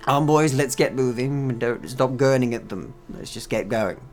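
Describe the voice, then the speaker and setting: A man voicing a genteel, drunken gentleman outlaw who talks politely and rambles. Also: medium pitch, moderate pace, soft background music, pitched above the performer's own voice, close to an everyday voice. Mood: brisk.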